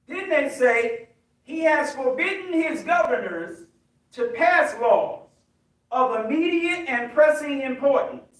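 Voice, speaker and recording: American man, minister, sermon, call and response, emphatic shouts, slow delivery, heavy echo. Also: extremely high pitch, animated. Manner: emphatic, preaching, rising to shouts. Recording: very echoey hall, distant mic.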